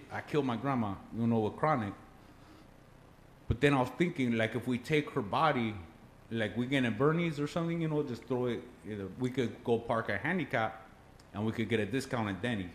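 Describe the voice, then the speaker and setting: A man's voice: medium pitch, a little hiss or hum, lightly acted. A man putting on a laid-back, slangy stoner homie who drawls through a rambling tall tale. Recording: roomy echo, faint background.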